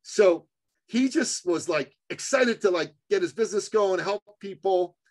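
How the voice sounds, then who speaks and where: A man with a notably high voice speaks as a podcast guest. He hammers his points with short repeated phrases. His delivery is animated and emphatic, like a coach driving a lesson home. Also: measured pace. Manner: emphatic, acts out both sides of conversations.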